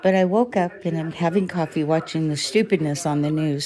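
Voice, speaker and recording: A woman's voice: low-pitched, measured pace, mellow. A woman ranting in a rambling, indignant way, with swearing, recorded on a phone at home. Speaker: vlogger. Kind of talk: casual ranting commentary to a phone.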